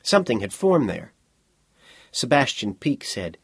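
A man reads a novel aloud in scripted narration, expressive and varied. His voice is husky, with a lot of movement in pitch. It is recorded close and dry. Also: moderate pace, dry recording. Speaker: audiobook narrator.

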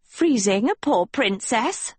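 Storybook hag-witch, young girl at heart, sweet and pleading; a woman reads her, high and husky. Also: expressive, slow pace, a little mellow, no room sound, full character voice. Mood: wistful. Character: young witch girl turned withered hag, wistful and menacing.

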